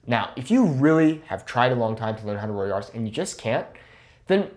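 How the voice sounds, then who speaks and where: A young man teaching Spanish pronunciation in an online lesson, encouraging and patient, checking in with "okay?" after each point and modelling words slowly. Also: medium pitch, big pitch swings, a little mellow.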